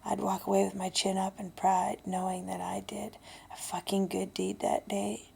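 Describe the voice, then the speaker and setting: Gravelly fifty-year-old woman, blunt and swearing. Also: medium pitch, flat delivery, moderate pace. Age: 50s. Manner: blunt, heavy swearing, hushed and breathy then loud. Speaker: vlogger. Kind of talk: candid personal vlog.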